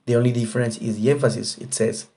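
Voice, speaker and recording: Patient, mellow-voiced male English teacher. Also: mid-range voice, fairly even intonation, quick pace, vocal fry. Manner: patient, repetitive explanation with frequent fillers. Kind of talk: grammar lesson explanation.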